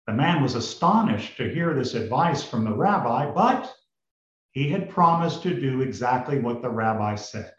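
A man's voice: medium pitch, animated, moderate pace. A male preacher telling a fable in his sermon, in a storytelling manner and addressing the congregation. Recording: roomy, slightly dull recording.

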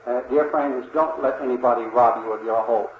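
A man's voice: mid-range voice, steady tone. Earnest older man preaching. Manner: earnest, slow, reverent, with many "dear friends" and filler "uh". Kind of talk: sermon. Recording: dull roomy old recording with faint hiss.

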